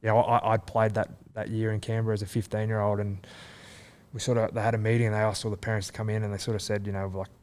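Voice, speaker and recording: A low-voiced Australian man chats as a guest on a casual show. He rambles through his stories, circling back with fillers and restarts. He sounds like a footballer in his thirties, relaxed and unscripted. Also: quick pace. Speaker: guest, rugby league player. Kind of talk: casual chat.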